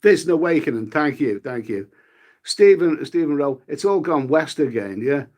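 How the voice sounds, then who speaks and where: A man's voice: on the high side, animated, moderate pace, a little mellow. A middle-aged man hosting a live stream, chatting casually with the viewers in a rambling way, with casual swearing and repeated words. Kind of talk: casual chat reading the live chat.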